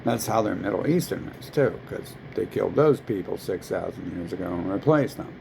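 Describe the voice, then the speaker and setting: A man's voice: low voice, normal speed, creaky, background noise. A man in a casual, profane, rambling rant, talking heatedly to camera.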